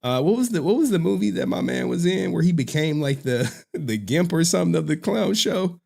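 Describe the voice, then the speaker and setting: A man's voice: sits high, expressive, a little fast, vocal fry, darkish tone. A man hosting a live stream, rambling casually, laughing often and groping for words. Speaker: livestream host.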